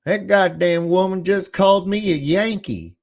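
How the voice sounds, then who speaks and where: A man's voice: high voice, measured pace, gravelly, a little mellow, pitched above the performer's own voice. A man putting on a fuming Southern drawl. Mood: indignant. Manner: outraged, cursing, sputtering. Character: indignant young Southern man, easily offended.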